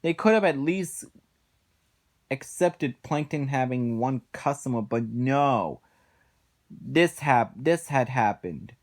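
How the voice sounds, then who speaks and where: A man's voice: medium pitch, expressive, slow. A man giving a casual spoken review of cartoon episodes, exasperated, sighing often and rambling through his points.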